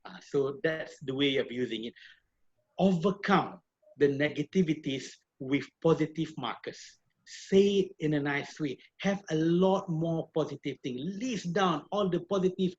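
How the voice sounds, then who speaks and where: A middle-aged man from Malaysia, a professor telling a personal story in an animated way with many repeated words, heard over a video call. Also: a little high, normal speed, breathy edge. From Malaysia (Perak). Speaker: professor and guest speaker. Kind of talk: storytelling talk. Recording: dull lo-fi video call audio.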